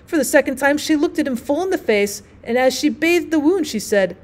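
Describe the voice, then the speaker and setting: A woman teacher reading a classic short story aloud in an expressive, steady storytelling manner. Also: sits high, brisk.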